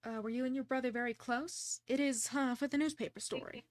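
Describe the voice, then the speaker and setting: Her voice sits high, steady and brisk, as this young streamer works through a detective game. She reads out the dialogue, chats casually, and questions her own choices aloud while poking fun at herself.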